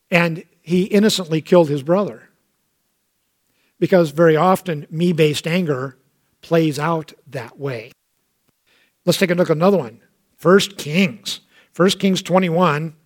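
A man preaching a sermon in a light, high voice. He talks casually, like he's chatting with the congregation, and slips into dramatic voices when he quotes someone. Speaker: pastor.

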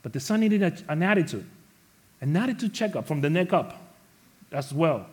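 A man preaching a sermon to his congregation, animated, acting out the quoted characters and rising to loud emphasis. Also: on the high side, moderate pace. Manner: speaks to the congregation as church family. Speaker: pastor.

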